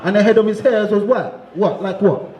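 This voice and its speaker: A man preaching to a crowd in the street, shouting and calling on listeners to answer, asking again and again if they understand. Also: high-pitched, normal speed. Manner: repeats "you understand?". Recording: echoey, crowd noise behind.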